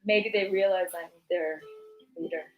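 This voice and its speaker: A woman's voice: medium pitch, steady tone, measured pace, highs cut off, soft background music. A woman hosting a livestream in casual chat, rambling and joking as she jumps from topic to topic. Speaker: livestream host.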